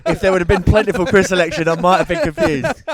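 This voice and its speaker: An English man co-hosting a podcast, telling a long anecdote in a lively, laughing way. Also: high voice, fast, a crowd in the background. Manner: animated storyteller, laughs through his tale. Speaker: podcast co-host. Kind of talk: casual chat, anecdote telling.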